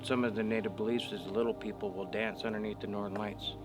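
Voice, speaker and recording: A man's voice: on the low side, flat delivery, fast, music in the background. A man chatting outdoors at a lakeside campsite, enthusiastic and slangy, swearing and saying dude and bro. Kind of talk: casual outdoor chat.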